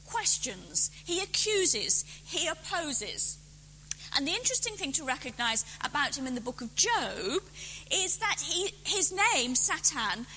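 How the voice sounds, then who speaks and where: A woman lecturing in a high, animated voice with a bright, forceful edge. She talks conversationally and fixes her own slips as she goes. The sound carries a long hall reverb with a faint hum underneath. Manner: lively, self-correcting, conversational lecturing. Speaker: theologian lecturing. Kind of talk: public lecture.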